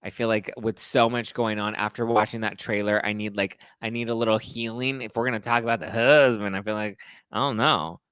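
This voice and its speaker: Male podcast host, sassy gossip recap, slightly low voice, smooth and clean, dry close sound. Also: fairly even intonation, fairly quick, fairly bright tone, no echo. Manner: campy, sassy, acts out catty impressions. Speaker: pop culture podcast host.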